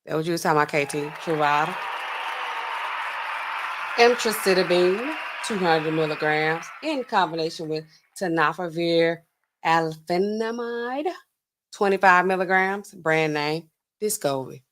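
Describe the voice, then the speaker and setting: A woman's voice: lowish voice, measured pace, background noise. A middle-aged woman hosting a pharmacy livestream, chatting casually with her viewers and carefully sounding out drug names.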